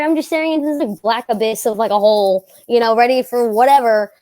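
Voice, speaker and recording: A young woman, a guest singer telling a lively story and acting out the other people's voices. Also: a little high, fast talker, no room sound. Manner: animated, acts out voices in her story. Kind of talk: casual storytelling.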